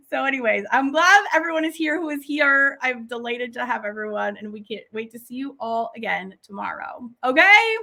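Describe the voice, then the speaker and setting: A woman's voice: high-pitched, vocal fry, sharp tone. A middle-aged woman hosting an online art class live stream, chatting casually and enthusiastically with viewers and laughing often. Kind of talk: casual live-stream chat reading comments.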